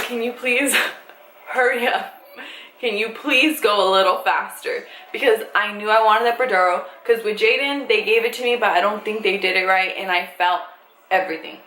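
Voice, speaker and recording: A young woman vlogger casually telling a story, animated and swearing freely as she acts out what people said. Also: medium pitch. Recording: echoey room with faint ambient noise.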